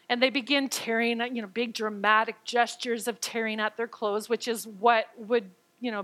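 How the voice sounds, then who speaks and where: In a low-quality recording, a woman preaches a sermon, shifting between reading scripture and explaining it in her own words. Her fairly high voice sounds bright and forward, and she acts out quoted lines, sometimes stammering as excitement builds.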